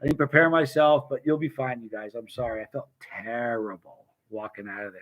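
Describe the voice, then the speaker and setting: A man's voice: mid-range voice, steady tone, fairly quick, hardly any pauses, dull audio. Rambling man telling stories to chat. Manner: rambling, self-interrupting, addresses viewers by name. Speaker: vlogger chatting with live chat. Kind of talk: casual rambling storytelling.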